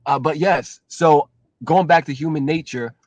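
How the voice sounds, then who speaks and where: Animated male co-host, a touch high, dry close sound, explains with energy. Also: normal speed, no echo. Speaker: co-host, relationship talk. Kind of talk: casual live-stream chat.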